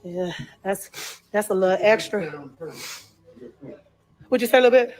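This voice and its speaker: A woman filming on her phone while clearing out a dirty house, talking bluntly with lots of swearing and exclamations. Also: mid-range voice, measured pace, darkish tone. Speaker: cleanup crew member filming a house. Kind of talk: casual vlog commentary while working.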